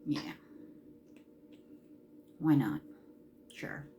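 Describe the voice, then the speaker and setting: A woman's voice: a bass voice, big pitch swings, very slow, dark tone, slight background noise. A woman in her fifties chatting casually while doing her makeup, rambling through stories and chuckling often. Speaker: beauty vlogger.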